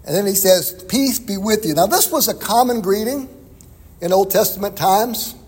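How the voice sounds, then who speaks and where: A man's voice: high voice, expressive, normal speed, darkish tone, husky, long reverb tail. A man preaching an expository sermon in a conversational way, chuckling now and then. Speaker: pastor.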